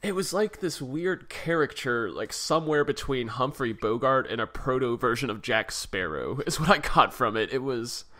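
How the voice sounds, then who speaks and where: A man's voice: medium pitch, expressive, moderate pace, hardly any pauses, pushed and bright. A man co-hosting a podcast, chatting casually about a film, laughing often and sounding critical and exasperated. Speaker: podcast co-host. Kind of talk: casual film review chat.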